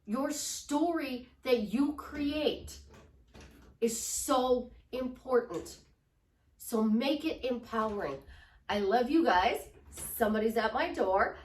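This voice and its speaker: High-voiced woman, slow and upbeat. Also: a little mellow, far from the mic. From Chicago. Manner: upbeat, gushing, motivational. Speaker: relationship life coach. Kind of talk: motivational vlog talk. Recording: echoey room, voice away from mic.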